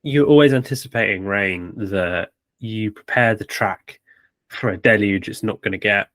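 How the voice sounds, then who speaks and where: Opinionated man with a low voice. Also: a bit bright, dry recording. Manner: opinionated, measured analysis with fillers. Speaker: podcast co-host. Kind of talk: casual sports chat.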